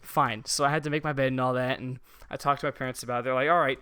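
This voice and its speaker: A man's voice: medium pitch, fairly even intonation, very fast, bright, forceful tone, clear, resonant tone, dry recording. A young adult man hosting a casual podcast from a room above his garage, rambling through a story with a lot of swearing. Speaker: podcast host.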